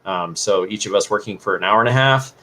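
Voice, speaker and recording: Low-voiced man rambling on a livestream. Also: a little fast, pushed and bright, slight background noise. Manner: rambling, filler-heavy explaining. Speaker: livestream co-host. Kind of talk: casual livestream chat.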